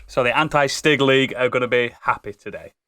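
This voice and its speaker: A man's voice: mid-range voice, bright, forceful tone, no echo, clean studio sound. A man hosting a podcast, playful and theatrical as he introduces his co-hosts. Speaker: podcast host. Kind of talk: casual podcast chat.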